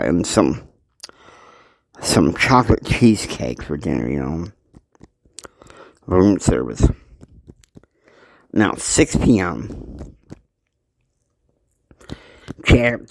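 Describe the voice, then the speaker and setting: A man telling a long improvised story in a loose, halting way, full of "you know" fillers. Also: low-pitched, gravelly, no room sound.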